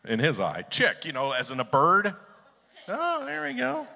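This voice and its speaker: A man's voice: on the high side, wildly swooping pitch, unhurried, vocal fry, pushed and bright. Wry man telling corny jokes on stage. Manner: corny, wry, teasing the crowd. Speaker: joke contest entrant. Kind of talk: live stage joke-telling. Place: theater stage, live event. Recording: long theater hall reverb.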